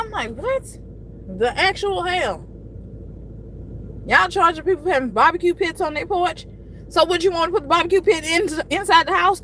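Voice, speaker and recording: A frustrated woman in her thirties rants on a casual live stream, her voice pitched high as she vents and swears freely. A faint hiss of noise sits under her talk. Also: a bit bright, rough recording. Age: 30s. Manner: frustrated, venting, frequent cursing.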